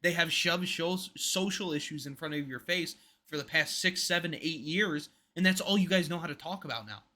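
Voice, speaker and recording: A man on a podcast talks in a bright, ringing, fairly high voice. He is emphatic and rambles through his opinions, dropping his voice to a mutter as each point ends. The tone is casual and conversational. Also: moderate pace, few pauses. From United States. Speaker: podcast co-host.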